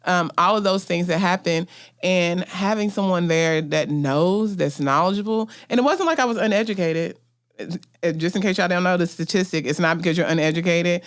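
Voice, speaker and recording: A woman's voice: on the low side, moderate pace. A woman guest on a radio panel, telling a personal story in an emphatic, conversational way. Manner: emphatic, conversational, says "like" often. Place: radio studio.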